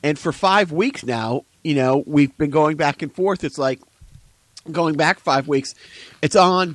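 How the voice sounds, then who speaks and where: A man co-hosting a podcast, talking in a rambling, animated way with asides. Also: a little high, moderate pace, no room sound. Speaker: podcast co-host. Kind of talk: casual podcast chat.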